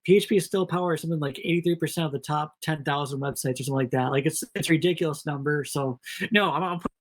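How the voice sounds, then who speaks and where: A man with a Minnesota accent talks in a slightly higher voice on a casual podcast. He rambles, jokes at his own expense and keeps it loose and chatty. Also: quick pace. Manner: self-deprecating, joking, rambling. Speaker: podcast co-host.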